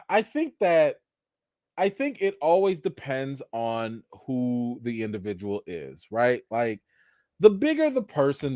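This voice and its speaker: A man's voice: mid-range voice, dry recording, studio quality. A man hosting a casual live chat, explaining his views at length with restarts and asides and answering questions from viewers. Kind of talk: casual live-stream commentary.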